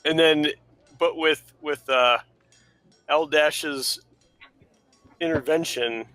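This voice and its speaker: A man playing a tabletop game, checking the rules in a hesitant, halting way. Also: on the high side, steady tone, pushed and bright, no echo. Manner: hesitant, asks rule questions with restarts. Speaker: player. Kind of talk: casual chat at a tabletop game.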